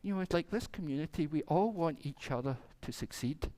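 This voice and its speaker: A man's voice: on the high side, expressive, brisk, dark tone. A man, a minister telling a playful children's story during a church service and acting out the animals.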